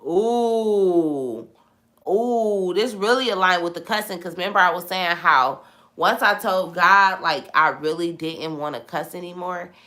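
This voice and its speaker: A young woman with a bright, forceful tone and a slightly low pitch talks through scripture in a relaxed live-stream chat. She preaches in an animated way, circling back to the same lines for emphasis. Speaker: host of a live Bible chat. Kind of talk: casual live-stream Bible talk, reading viewer comments.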